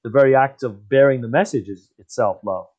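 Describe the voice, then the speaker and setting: A man guest explaining history in a thoughtful conversational way, often pausing to correct himself. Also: a little mellow. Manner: thoughtful, self-correcting, wide-ranging pitch. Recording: slightly dull muffled audio.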